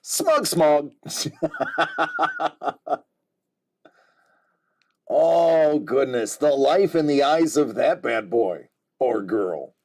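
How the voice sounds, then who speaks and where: A man hosting a collectibles live stream in casual chat, exclamatory and quick to laugh. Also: on the high side, slightly rough. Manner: animated and exclamatory, laughs often.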